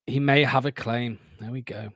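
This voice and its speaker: A man, hosting a fan watchalong stream and giving excitable, sweary live match commentary. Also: mid-range voice, normal speed, dry recording.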